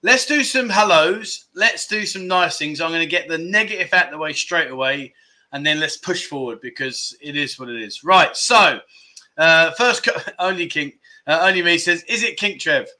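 Bright, chatty male livestream host. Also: fairly high pitch, moderate pace. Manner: chatty, reads out viewer comments and greets them by name. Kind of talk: casual livestream chat. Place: in Pattaya, Thailand.

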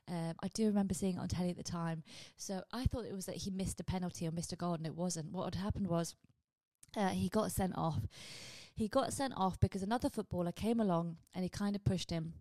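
A woman hosting her own vlog, chatting casually and rambling with quick asides to her viewers. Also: medium pitch, dark tone, no echo. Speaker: vlog host. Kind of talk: casual chat.

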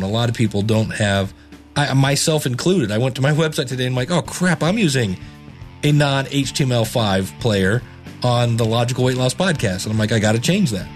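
A man hosting a podcast in casual chat, rambling with many restarts and chuckles. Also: medium pitch. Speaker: podcast host reviewing podcasts.

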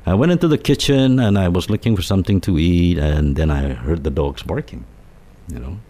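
Deep-voiced man from telling stories. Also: fairly quick. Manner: rambling, animated storyteller with many restarts and quoted voices. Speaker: co-host telling ghost stories. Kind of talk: casual storytelling chat.

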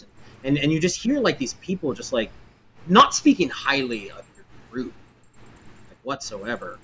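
A man's voice: mid-range voice, sing-song, moderate pace, a bit bright, slight background noise. A man narrating as game master of a tabletop game, in a rambling, filler-heavy way.

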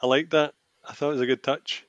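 A man's voice: mid-range voice, level tone, quick pace, no room sound, muffled recording. Laid-back man in a dry recording. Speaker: podcast co-host. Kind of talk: casual film chat.

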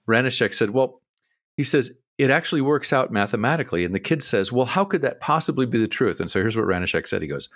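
Podcast guy telling a story, laughs a lot, swings his pitch all over, dry mic. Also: fairly bright tone, dry recording. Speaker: co-host. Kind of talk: casual storytelling.

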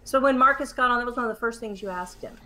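A woman chatting casually, retelling a story with lively acted-out quotes. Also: on the high side, racing. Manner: lively retelling, acts out quoted whispers and shushing.

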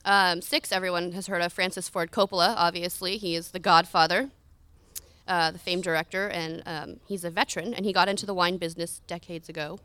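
A woman's voice: lowish voice, level tone, a little fast, a bit bright, clear, resonant tone, dry recording. A young adult woman co-hosting a casual podcast, chatty and self-deprecating as she runs through her notes. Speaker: podcast co-host. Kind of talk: casual chat.

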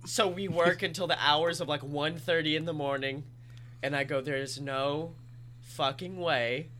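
Young male podcast host, high bright voice, animated storyteller who swears a lot. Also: moderate pace, slight background noise. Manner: animated, swears freely, acts out the people in his story. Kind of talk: casual comedic storytelling.

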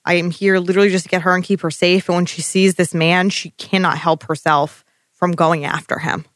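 A podcast co-host chatting about a show, laughing often and thinking out loud with casual swearing. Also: mid-range voice, flat delivery, brisk, no echo, studio quality. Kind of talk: casual recap chat.

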